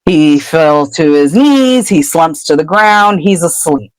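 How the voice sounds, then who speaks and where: A woman's voice: sits low, expressive, takes it slowly, no echo, rough recording. A woman podcast host casually retelling a book chapter in a chatty way. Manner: chatty, breaks into character voices.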